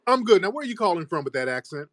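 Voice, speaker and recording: A man's voice: high-pitched, big pitch swings, rapid-fire, no room sound. Blunt, mocking male talk-show host. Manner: blunt, mocking, loud bursts.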